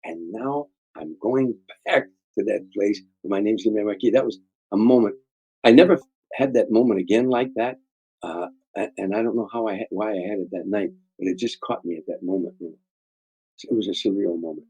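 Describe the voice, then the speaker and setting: A man's voice: on the low side, a little fast, warm tone, slightly rough, no room sound, muffled recording. An older man, a comedian telling rambling, heartfelt stories in an interview, often repeating words. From Chicago area, USA. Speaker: guest comedian. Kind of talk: storytelling interview.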